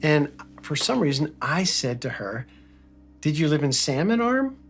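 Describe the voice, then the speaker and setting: A man's voice: fairly high pitch, sing-song, measured pace. A man from Philadelphia giving an earnest motivational talk, telling a personal story and stressing his key phrases. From Philadelphia, United States. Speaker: speaker.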